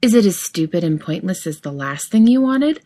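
A hot-tempered young man snaps and swears in clipped, biting lines, as a woman reads him in an audiobook. The voice sits a little low for a woman and stays plain, close to her own. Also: very animated, moderate pace, warm tone. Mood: irritated. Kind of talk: audiobook fiction reading.

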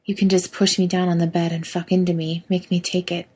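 A woman voicing a playfully smug adult man who teases his partner in soft, coaxing murmurs. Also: fairly low pitch, level tone, a little fast, husky. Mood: teasing.

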